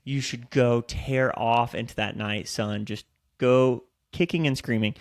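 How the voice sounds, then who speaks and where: Young guy with a gravelly voice, podcast cohost, just telling loose stories and cussing. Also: medium pitch, fairly even intonation, measured pace. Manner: storytelling with lots of swearing and acted-out quotes. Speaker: podcast co-host. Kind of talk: casual chat.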